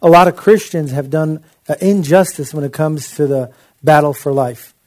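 Mellow-voiced man preaching conversationally. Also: a little high, normal speed. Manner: impassioned, conversational preaching with asides. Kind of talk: sermon.

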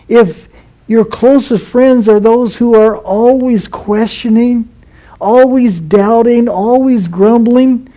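A man delivers a sermon in a fairly high, warm voice. He speaks slowly and earnestly, repeating key phrases for emphasis. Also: poor audio. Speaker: pastor.

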